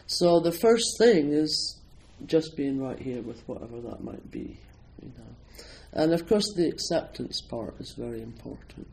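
A man's voice: mid-range voice, expressive, unhurried, creaky, hardly any pauses, darkish tone, rough recording. A Scottish man, a Zen priest and meditation teacher, giving an informal talk to an audience in a chatty, self-deprecating way, with plenty of ums and you-knows. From Scotland.

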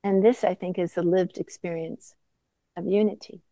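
A woman teaching as a Zen teacher in a reflective dharma talk, mostly soft-spoken with sudden emphatic bursts. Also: on the low side, fairly even intonation, normal speed, no room sound, rough recording.

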